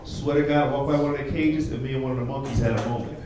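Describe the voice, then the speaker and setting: A man performing stand-up, telling an animated story. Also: mid-range voice, fast. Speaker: stand-up comedian. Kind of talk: stand-up set. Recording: distant, very echoey, loud noise.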